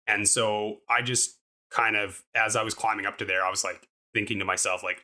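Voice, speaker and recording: A man's voice: lowish voice, steady tone, normal speed, sharp tone. A young man casually recounting a climbing trip in a podcast interview, upbeat and rambling with lots of fillers. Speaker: podcast co-host and guest recounting a climbing fall.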